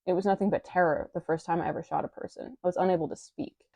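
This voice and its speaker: A woman voicing a shaken young woman speaking quietly and solemnly. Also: lowish voice, steady tone, fast talker, dry recording. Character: shaken young woman recalling her first shooting.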